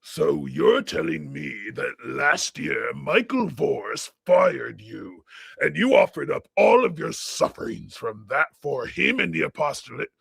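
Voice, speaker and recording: Guy voicing a cartoon shark boss, super gravelly and raspy, dramatic, pitch all over the place. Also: a bit bright, no room sound, studio quality, exaggerated voice. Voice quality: husky, gravelly. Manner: theatrical, swings from stern to gushing. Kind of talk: web cartoon voice acting.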